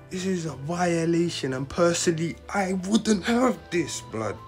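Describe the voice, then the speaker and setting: Gravelly, slow-talking man. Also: a little high, faint music behind. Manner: slang-heavy, excitable, talks straight to viewers. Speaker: gaming channel host. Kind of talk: casual live commentary.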